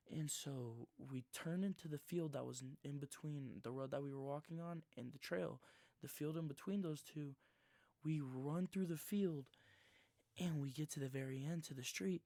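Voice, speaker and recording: A man in his twenties telling a rambling, slangy story in his own words, sometimes dropping into a hushed near-whisper. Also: medium pitch, normal speed, no room sound. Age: 20s. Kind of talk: casual first-person storytelling.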